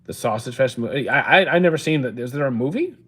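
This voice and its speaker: A young man, live-streaming and casually answering chat questions, chatty and relaxed with lots of fillers and restarts. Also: medium pitch, fast, breathy edge. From Canada.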